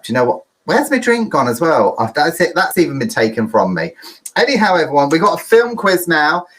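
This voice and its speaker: A man's voice: a little high, fairly bright tone, poor audio. Male quiz host, rambling and chatty, easily flustered. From United Kingdom. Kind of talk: live-streamed pub quiz hosting.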